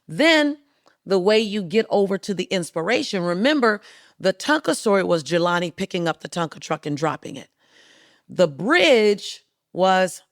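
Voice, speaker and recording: A woman guest speaker on a podcast tells stories with emphatic rhythm and lively drive. Her voice has a gravelly edge, and the studio sound is close and dry, with no room around it. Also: fairly low pitch, normal speed, no room sound. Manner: emphatic, rhythmic, animated storytelling. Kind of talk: storytelling interview talk.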